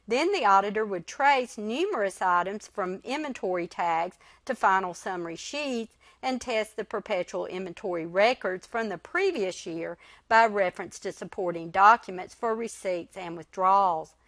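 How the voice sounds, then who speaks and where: A woman lecturer reading a recorded slide lecture in a measured way. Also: medium pitch, lively intonation, a bit bright, no room sound.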